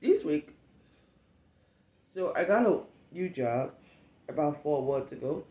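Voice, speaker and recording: Animated profane woman from West Africa. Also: deep voice, takes it slowly, echoey room. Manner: animated, profane, emphatic, acts out quotes. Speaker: vlogger. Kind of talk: casual storytime rant.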